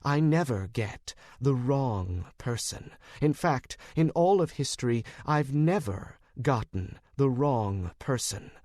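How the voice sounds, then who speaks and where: A man's voice: medium pitch, expressive, slow pace, few pauses, darkish tone, no echo, studio quality. A male audiobook reader voicing a proud, near-omnipotent woman who insists she is never wrong, in a haughty manner. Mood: indignant. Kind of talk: audiobook character voice.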